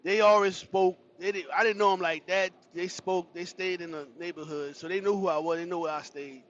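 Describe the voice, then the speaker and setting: A man's voice: high voice, a little fast, muffled recording, a little hiss or hum. A man hosting a livestream, casually telling a funny childhood story to his chat with laughter and cursing. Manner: animated, laughing, profane storyteller. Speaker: livestream host.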